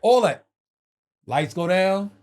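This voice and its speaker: Middle-aged New host, slightly high voice, animated profane storyteller doing everyone's lines. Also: male voice, takes it slowly. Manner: acts out other people's lines in his story; streetwise slang, profane. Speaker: podcast co-host.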